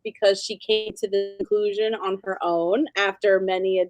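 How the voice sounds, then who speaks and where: A woman co-hosting a podcast in a casual recap chat, emphatic and quick to laugh. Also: medium pitch, flat delivery, no room sound, soft background music. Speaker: podcast co-host.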